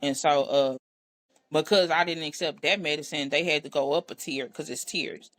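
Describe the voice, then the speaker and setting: A woman from Texas talks as a podcast guest, recounting her story in a loose, casual way. She is blunt and profane and acts out the back-and-forth of the dialogue with lots of energy. Her voice has a bright, forward edge. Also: low-pitched, moderate pace. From Texas, USA. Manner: blunt, profane, animated retelling with quoted dialogue.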